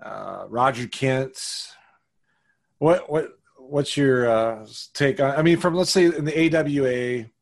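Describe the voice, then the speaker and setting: A man's voice: mid-range voice, slow pace, vocal fry. A man hosting an interview, prompting with short replies and eager questions. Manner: short encouraging backchannels, eager fan questions. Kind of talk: casual interview.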